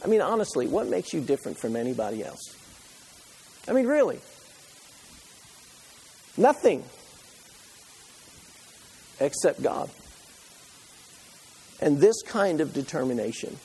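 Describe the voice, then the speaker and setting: A man's voice: fairly high pitch, sing-song, measured pace, gravelly, pauses often, slight background noise. A man preaching a sermon, reading scripture aloud and retelling it with passion, pleading at times and dropping to a near whisper at others. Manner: impassioned, pleading when voicing Moses, dropping to a hush.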